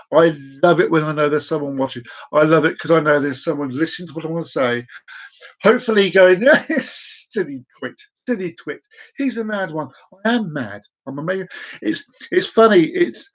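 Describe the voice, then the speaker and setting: A man in his forties rambles through a home live stream with a slightly high voice. He is playful and chaotic, echoing his own phrases and drawing them out. Now and then he breaks into excited whoops. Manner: sudden whoops and excited outbursts. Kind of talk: casual live-stream chat. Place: at home at a desk.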